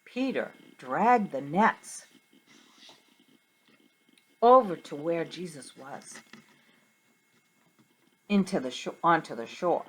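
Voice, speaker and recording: A woman's voice: low voice, animated, takes it slowly, long pauses, husky. A middle-aged woman, a Sunday school teacher, telling a Bible story to children with questions and a sing-song delivery.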